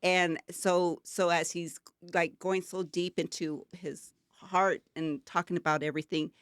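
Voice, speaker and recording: A woman's voice: on the low side, level tone, a little slow, smooth, no room sound, clean studio sound. An older woman co-hosting a talk show, talking in an earnest, emotional and rambling way with many fillers. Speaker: co-host. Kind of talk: casual talk-show chat.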